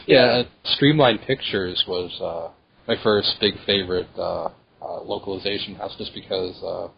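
A man's voice: sits low, unhurried, vocal fry, slightly rough. A man co-hosting a podcast, speaking casually and hesitantly with many fillers. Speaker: podcast co-host. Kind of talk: casual chat. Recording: dull lo-fi audio with faint noise.

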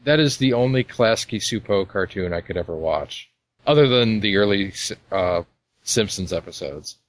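A man co-hosting a podcast, explaining things in a relaxed, casual way. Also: fairly low pitch, moderate pace. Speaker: podcast co-host. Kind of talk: casual chat.

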